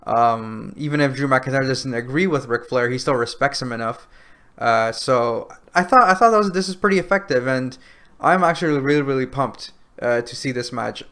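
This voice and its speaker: A man co-hosting a podcast in an easygoing, chatty way. He retells scenes by acting out quoted lines, with plenty of fillers and restarts. His voice sits at an ordinary medium pitch. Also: normal speed, bright, forceful tone. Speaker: podcast co-host. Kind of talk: casual recap chat.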